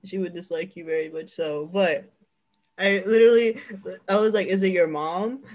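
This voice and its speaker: A woman's voice: fairly low pitch, moderate pace, darkish tone. A young woman co-hosting a casual chat podcast, telling a story and laughing often as she goes. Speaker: podcast co-host.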